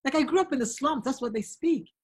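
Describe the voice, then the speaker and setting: A woman's voice: high voice, expressive, quick pace. A middle-aged woman, a guest author telling stories in earnest and acting out the voices she quotes. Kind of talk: casual conversation.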